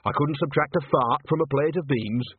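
A man's voice: mid-range voice, animated, measured pace, husky, no echo, pitched above the performer's own voice. A male reader voicing a cheerful, chatty old village witch woman who talks in a rustic folksy way and turns flustered and evasive. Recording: dry tinny narrow-band audio.

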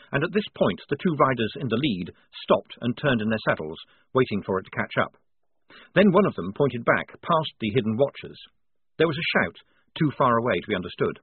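A man reads a novel aloud in measured storytelling. His voice is husky and moves lively up and down. The sound is dry and narrow, like a phone line. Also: medium pitch, no room sound. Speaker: audiobook narrator. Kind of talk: scripted storybook narration.

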